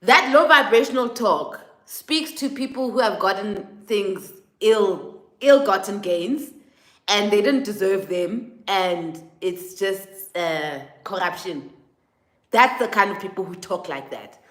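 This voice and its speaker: A South African woman vlogging a casual opinion monologue, animated and mimicking others in exaggerated quotes. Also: mid-range voice, slow. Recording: echoey room.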